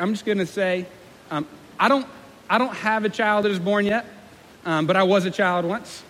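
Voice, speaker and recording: A young man preaching a sermon as pastor, in a conversational, self-deprecating way, with lively acted-out quotes. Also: high voice. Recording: long hall reverb with faint room noise.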